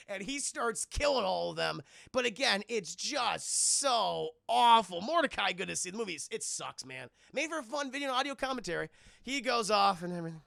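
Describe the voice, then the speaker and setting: Male streamer, profane and animated commentary, raspy-gravelly, bright tone. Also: high-pitched, moderate pace, no echo, clean studio sound. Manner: profane, animated, talks to his chat. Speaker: streamer reviewing a film. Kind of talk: casual live-stream movie commentary.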